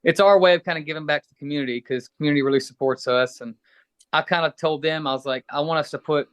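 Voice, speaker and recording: A man's voice: fairly high pitch, quick pace, clean tone, no echo. A middle-aged man from Kentucky, a musician guest chatting casually and a bit rambling in an interview. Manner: relaxed, rambling, friendly.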